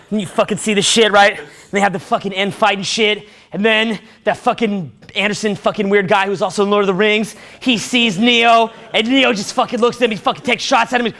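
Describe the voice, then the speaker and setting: A man giving a profane, excitable dating-advice rant, acting out movie scenes with sudden shouts. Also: sits high, fairly quick, gravelly.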